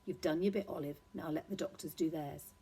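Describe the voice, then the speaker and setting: A woman voicing a kind, practical young man in a storybook reading, calm and firm. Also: low voice, a little fast, slightly rough, exaggerated voice.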